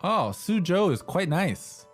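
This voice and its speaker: A man's voice: high voice, very animated, slow pace, faint music behind. A man co-hosting a language lesson, translating and asking guiding questions in a casual way. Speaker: lesson co-host.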